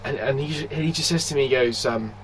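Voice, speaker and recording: A man telling a story in casual chat, animated, swearing freely and laughing often. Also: medium pitch, fairly quick, crowd noise.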